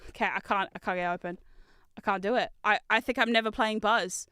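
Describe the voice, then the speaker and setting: A woman streamer chatting casually while building and unboxing, talkative, laughing often and swearing in loud outbursts. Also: mid-range voice, brisk, clear, resonant tone, dry recording, clean studio sound. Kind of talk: casual live-stream chat.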